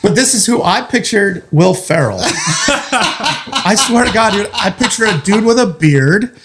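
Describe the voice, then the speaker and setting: A man's voice: sits high, unhurried, very noisy. A man, a firefighter, telling his story in a casual chat, joking and acting out what people said. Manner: animated, joking, acts out quotes. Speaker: firefighter guest.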